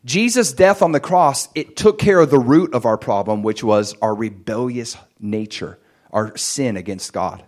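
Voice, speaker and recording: Man, sermon, personal testimony, lively storytelling, mid-pitched voice. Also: a little slow. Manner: animated storytelling, jumps much higher and louder in excited moments. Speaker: preacher.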